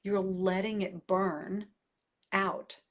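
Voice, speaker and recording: A woman's voice: mid-range voice, level tone, extremely slow. A middle-aged woman, a parenting coach, talking casually and thoughtfully, with fillers and restarts, as she answers a question. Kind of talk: casual advice talk answering viewer questions.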